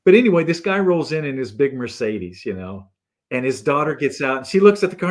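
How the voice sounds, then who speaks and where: Animated male storyteller. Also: mid-range voice, brisk. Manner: animated storyteller who acts out the people in his stories. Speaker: guest. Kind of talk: casual anecdote telling.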